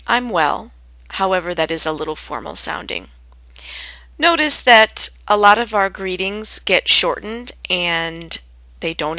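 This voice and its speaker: In a close, dry recording without echo, a woman teaches a scripted lesson on common English greetings. Her medium-pitched tone is bright with a little edge, and she enunciates carefully, lifting her voice as she performs each sample phrase.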